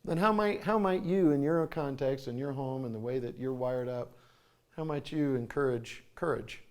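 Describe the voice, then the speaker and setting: Preaching in a church sanctuary at a conference, this middle-aged man tells folksy stories and acts out voices in his sermon. He speaks at medium pitch and a moderate pace.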